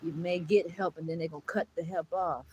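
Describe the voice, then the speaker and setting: A woman's voice: fairly low pitch, fairly even intonation, a little fast, mellow, slight background noise, low-quality recording. A woman vlogger in an emotional monologue to camera, blunt and preachy, swearing often and calling viewers "baby" and "honey.".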